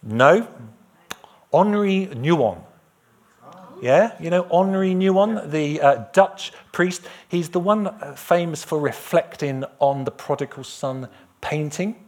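A man preaching a lively, jokey sermon and sometimes singing a line. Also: on the high side, slow. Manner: lively, jokey, breaks into song.

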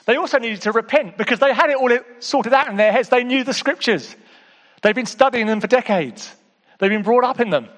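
A man preaching a sermon, casual and direct, dropping to hushed asides and rising to emphatic exclamations, often calling out to the congregation. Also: extremely high pitch, lively intonation, fairly quick, big-room sound. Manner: conversational, with repeated calls to the audience.

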